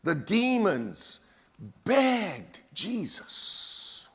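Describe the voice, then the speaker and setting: A man preaching a sermon in a church, telling the story dramatically with pauses and acted-out scenes. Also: high voice, huge pitch swings, gravelly, fairly bright tone, husky. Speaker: pastor. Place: church sanctuary.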